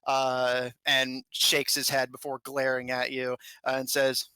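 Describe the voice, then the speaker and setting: A man's voice: mid-range voice, completely flat delivery, measured pace, hardly any pauses, sharp tone, clean tone, dry recording, poor audio. A man narrating as game master in a tabletop game, laughing often and using many fillers.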